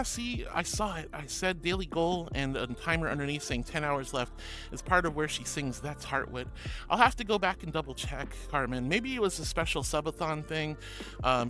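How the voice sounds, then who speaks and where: A woman's voice: low-pitched, a bit bright. A woman VTuber streamer in casual live-stream chat, playful and affectionate, giggling as she greets viewers and reads their messages aloud.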